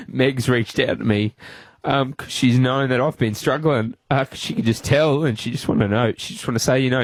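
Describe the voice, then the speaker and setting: An Australian man hosting a radio show, speaking in a halting, tearful way with many restarts as he pays tribute to his friend in the studio. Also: mid-range voice, dry recording. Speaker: radio host. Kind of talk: emotional on-air tribute. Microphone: studio microphone.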